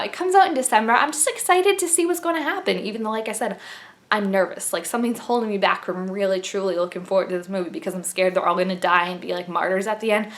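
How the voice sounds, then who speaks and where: Gushing, chatty young woman vlogger. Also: medium pitch. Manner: chatty and gushing, many fillers and laughs. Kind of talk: casual trailer reaction vlog.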